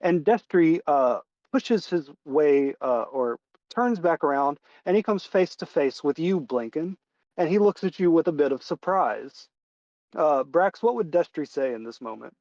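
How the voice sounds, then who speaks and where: A man narrating a tabletop game as game master, in a relaxed way with lots of fillers. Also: fairly high pitch, a little slow, dry recording, highs cut off.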